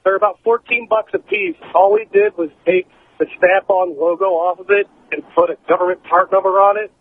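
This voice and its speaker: Blunt high-voiced male caller on a phone. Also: steady tone, fairly quick. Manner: blunt, matter-of-fact, swears. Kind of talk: phone-in call. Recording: tinny phone line with faint noise.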